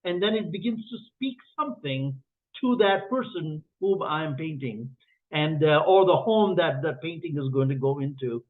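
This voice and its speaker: A man speaking earnestly as a guest, halting with frequent fillers. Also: on the high side, expressive. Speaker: guest author, painter. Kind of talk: reflective guest talk. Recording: tinny phone line.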